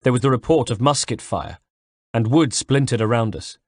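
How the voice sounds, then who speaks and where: A man reading a first-person audiobook in a measured, dramatic way on a close mic. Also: medium pitch, a little mellow, no echo. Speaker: audiobook reader.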